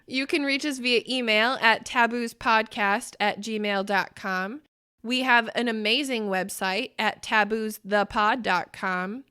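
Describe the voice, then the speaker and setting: A woman co-hosting a podcast, telling stories in an animated way and breaking into loud laughter. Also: on the high side, a little slow, clear, resonant tone. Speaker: podcast co-host. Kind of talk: casual podcast chat.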